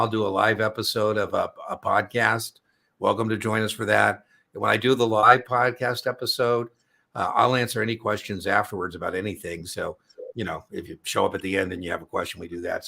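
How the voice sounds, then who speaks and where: A man's voice: on the low side, gravelly, bright, forceful tone. A middle-aged man hosting an exam prep live stream, chatting casually and telling rambling, joking stories.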